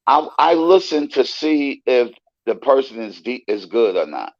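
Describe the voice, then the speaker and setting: A man guest telling stories in a casual interview, animated and profane, acting out the voices he quotes. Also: mid-range voice, measured pace, no room sound, highs cut off. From United States.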